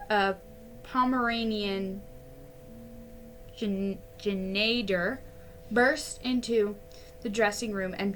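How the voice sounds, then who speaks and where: A woman reading a classic ghost story aloud at a very slow, careful pace. Her voice is bright and clear, and she stumbles now and then and restarts a word before going on. A faint hum sits beneath her voice. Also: mid-range voice. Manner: unhurried storytelling, a few slips and restarts. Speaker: narrator.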